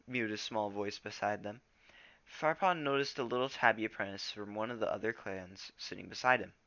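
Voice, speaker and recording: A man's voice: on the low side, fairly even intonation, brisk, gravelly, pushed and bright, no room sound, highs cut off. A man reading a storybook aloud in a casual way, stumbling over words now and then. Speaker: reader.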